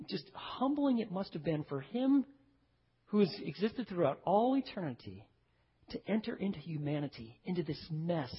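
Man, pastor, sermon, emphatic then hushed, long hall echo. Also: slightly rough. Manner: emphatic, swings from loud stresses to hushed low phrases; talks straight to the congregation. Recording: dull recording with long hall reverb.

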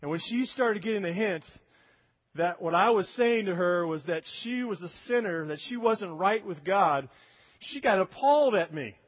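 Man, preacher, high voice, emphatic sermon delivery, dull muffled sound. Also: expressive, normal speed. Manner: emphatic, acts out quoted voices. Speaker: pastor.

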